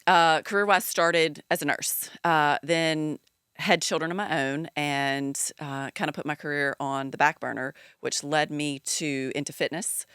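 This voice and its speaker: Southern lady guest, forties, chatty with lots of ums, real low voice. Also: steady tone, measured pace, clean tone, dry recording, clean studio sound. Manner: chatty, warm, laughs easily, many fillers. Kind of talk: casual chat.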